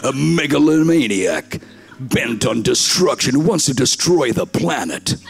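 A man putting on a deep, booming movie-trailer announcer voice with slow, dramatic pronouncements. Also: big pitch swings, gravelly, slightly rough, soft background music, full character voice. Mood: ominous.

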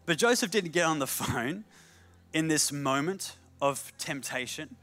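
A man's voice: fairly high pitch, animated, a little slow, a bit bright. Man, preacher, sermon, repeats phrases for emphasis, joking asides, faint background music.

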